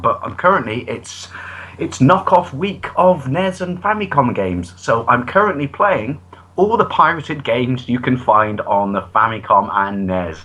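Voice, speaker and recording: A man's voice: lowish voice, a bit bright, rough recording. An English man co-hosting a podcast, chatting casually in profane, jokey rants. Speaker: podcast co-host. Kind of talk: casual chat.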